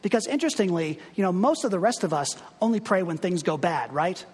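A man's voice: high-pitched, animated, a little fast, a little mellow, breathy edge, long reverb tail. A male pastor giving a conversational, humorous sermon full of asides.

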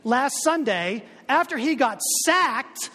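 Male pastor, sermon, high voice, conversational and joking, long church reverb. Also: animated, takes it slowly, bright, forceful tone. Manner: conversational, humorous preaching with asides.

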